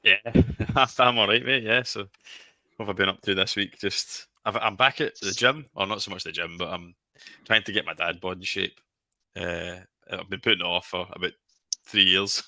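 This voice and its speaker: A man's voice: low voice, steady tone, moderate pace, bright, forceful tone, dry recording. A man from England co-hosting a casual movie live stream, easygoing and self-deprecating. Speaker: co-host.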